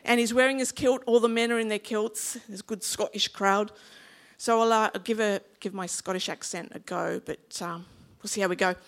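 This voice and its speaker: A woman's voice: medium pitch, steady tone, normal speed. Chatty Australian woman pastor preaching. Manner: chatty, humorous, engages the congregation. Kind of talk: sermon.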